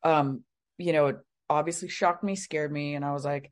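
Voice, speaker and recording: A woman's voice: low-pitched, fairly even intonation, normal speed. A middle-aged woman, a guest on an interview show, telling a personal story casually, with many fillers and rambling asides. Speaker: guest, psychic medium.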